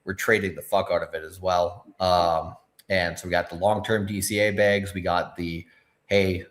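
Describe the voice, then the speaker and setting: A man's voice: deep voice, little pitch movement, normal speed, a bit bright. A man co-hosting a livestream, talking loosely with frequent filler words and swearing. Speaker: co-host of a crypto livestream. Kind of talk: casual livestream chat.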